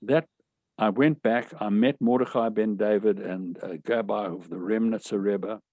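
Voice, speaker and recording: A man's voice: on the low side, fairly even intonation, moderate pace, mellow, no echo. An older man telling a personal story to an audience in an earnest, emotional way, often retelling what others said to him. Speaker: speaker telling his life story.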